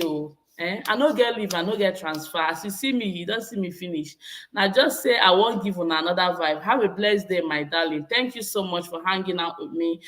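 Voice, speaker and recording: Nigerian woman vlogger, thirties, slightly low voice, easygoing, mixes in Pidgin. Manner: laughs often, slips into Pidgin, repeats herself. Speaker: vlogger reading live chat. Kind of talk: casual live-stream chat.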